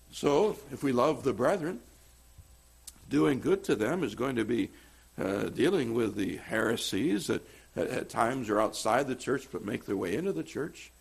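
A man preaching a sermon as pastor, swinging between loud emphatic stress and quiet asides. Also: medium pitch, gravelly, husky.

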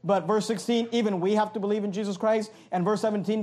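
A pastor preaching an emphatic sermon, reading verses aloud and explaining them line by line. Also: male voice, sits high, fairly even intonation, fast talker, a little mellow.

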